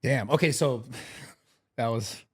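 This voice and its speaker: Man, podcast host, casual interview, brief reactions, low-key. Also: slow, slightly rough. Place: podcast studio.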